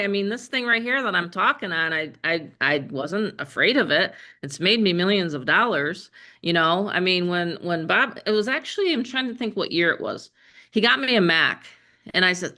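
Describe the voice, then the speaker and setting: A woman's voice: on the low side, lively intonation, moderate pace, bright, forceful tone. A woman in her fifties, a business trainer on a casual group video call, chatty and rambling with frequent laughs. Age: 50s. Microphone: headset or desk microphone.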